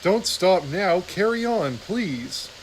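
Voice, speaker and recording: A man's voice: high-pitched, lively intonation, takes it slowly, slight background noise, low-quality recording. A man reading a novel aloud, voicing a curious young male mouse warrior in questioning tones. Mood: pleading.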